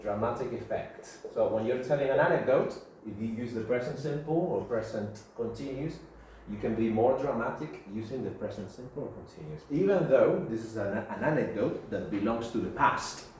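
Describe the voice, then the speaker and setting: A man's voice: mid-range voice, normal speed, a little mellow. A male English teacher giving a classroom grammar lesson, repeating key terms and checking in with his students. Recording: very echoey room, faint background hiss.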